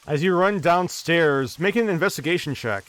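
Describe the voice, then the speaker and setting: A man running a tabletop game as game master, narrating in a slow, deliberate way. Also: a little high, lively intonation, fairly bright tone, clean tone.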